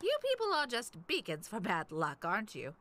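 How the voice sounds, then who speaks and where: An actress voicing a sharp-tongued elderly woman in an animated series, with a dry, sardonic delivery. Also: mid-range voice, moderate pace.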